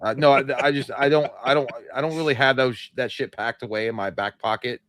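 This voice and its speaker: A man's voice: mid-range voice, steady tone, brisk, fairly bright tone. A man co-hosting a live movie show, giving blunt opinions in a casual, rambling way. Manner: blunt, opinionated, trails off and restarts. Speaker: podcast co-host. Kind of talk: casual live-stream chat.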